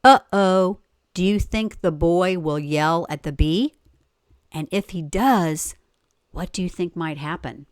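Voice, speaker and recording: A woman reading a children's story aloud in an expressive way, stopping to ask the listener questions. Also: on the low side, slow, no echo. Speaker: story reader.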